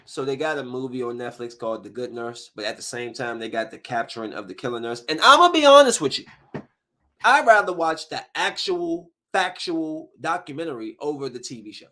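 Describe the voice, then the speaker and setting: A man's voice: medium pitch, expressive, brisk, sharp tone. A male podcast host in a casual, profane rant, full of sudden outbursts as he reviews shows.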